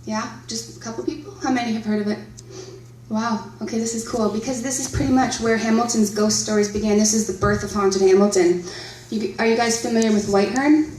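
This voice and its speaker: A woman's voice: on the high side, steady tone, fairly quick, a little mellow, slight background noise. A woman in her thirties, telling a story live to a convention audience, chatty, laughing often and asking the crowd questions. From Canada. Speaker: panel speaker at a horror convention. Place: convention centre hall. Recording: roomy, distant live hall audio.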